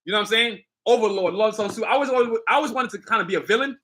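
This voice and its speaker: Hyped bright-voiced man showing off sneakers. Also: high-pitched, racing. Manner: hyped, boastful street slang, addresses viewers directly. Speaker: sneaker designer and channel host. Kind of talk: casual live stream showcase.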